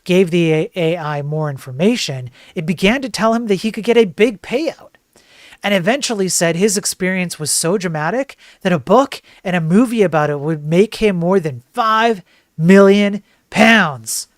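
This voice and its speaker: A man's voice: sits high, normal speed, no echo, studio quality. A man hosting a streamed commentary show, talking in a sarcastic, joking way. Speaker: host.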